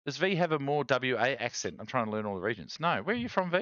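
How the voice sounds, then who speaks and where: Australian male streamer host, casual chatty delivery, very animated pitch, dry dull mic. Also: quick pace, dry recording. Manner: chatty, reads chat aloud, animated rants. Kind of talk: casual live-stream chat.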